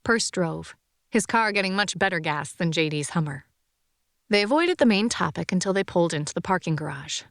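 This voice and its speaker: A woman reading a science fiction audiobook in an even, measured narration. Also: lowish voice, creaky, no room sound, studio quality.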